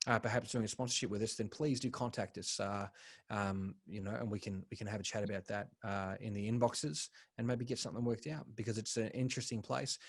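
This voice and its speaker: A man's voice: fairly low pitch, fairly even intonation, a little fast, vocal fry, no echo. A young man co-hosting a podcast in casual chat, rambling and laid-back, swearing freely. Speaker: podcast co-host.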